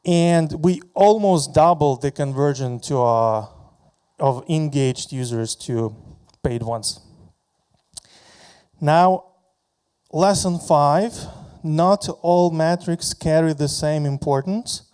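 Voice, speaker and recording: A man giving a conference talk about his product, halting often and repeating words as he walks through slides. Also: a little high, a little mellow, smooth.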